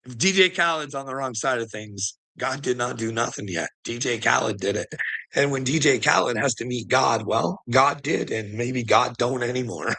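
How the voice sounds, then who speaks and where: A man's voice: medium pitch, normal speed, creaky, pushed and bright, husky, poor audio. A man talking in a rambling, sardonic monologue, laughing often and swearing as he goes. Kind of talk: casual conspiracy commentary monologue.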